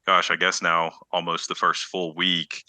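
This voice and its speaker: Deep, sharp-toned male podcast co-host. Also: unhurried, no echo, low-quality recording. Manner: animated, exaggerated retellings. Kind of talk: casual podcast chat.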